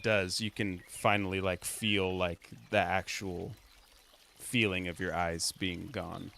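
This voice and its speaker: A man game master narrates a tabletop game slowly and descriptively. His voice sits fairly low, and his delivery is unhurried and measured over a faint background hiss. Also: flat delivery, creaky, bright, forceful tone.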